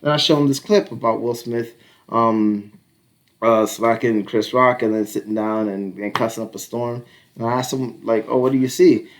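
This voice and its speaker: A man's voice: medium pitch, fairly even intonation, moderate pace. Laughing, cursing male storyteller. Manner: laughs often, swears freely, many fillers; tells stories with quoted dialogue. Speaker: podcast co-host. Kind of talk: casual chat.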